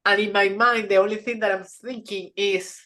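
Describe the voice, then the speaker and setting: A woman in her thirties or forties, a podcast co-host, telling a personal story in an earnest, halting way, in non-native English with grammar slips and frequent restarts. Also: mid-range voice, fairly even intonation, fairly bright tone.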